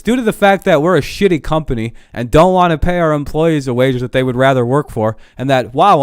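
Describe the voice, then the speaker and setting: A young man on a live stream in a heated, profane rant. His voice is smooth and clear, recorded dry and close. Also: mid-range voice, dry recording.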